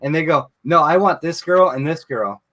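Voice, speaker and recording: A man's voice: on the high side, normal speed, sharp tone. A man hosting a casual live chat, telling a long profane story about his wife's job. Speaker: show host.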